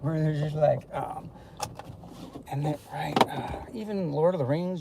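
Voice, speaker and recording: Gravelly young man rambling in a car. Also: fairly high pitch, a little slow, very noisy. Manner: excitable, jumps between topics, swings from loud to murmured. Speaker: vlogger. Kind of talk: rambling casual monologue. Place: inside a car.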